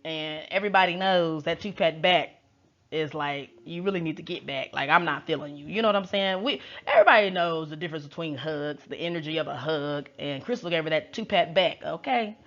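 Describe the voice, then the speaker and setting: A woman's voice: deep voice, a little fast, fairly bright tone. A woman tarot reader recapping in a chatty, slangy and wry casual way. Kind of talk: casual chat. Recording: dull lo-fi recording.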